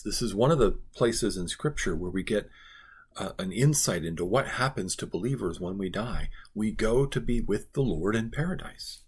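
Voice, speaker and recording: Male pastor, low husky voice, earnest devotional teaching, emphatic repetition. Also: unhurried. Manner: earnest, emphatic, repeats phrases for stress.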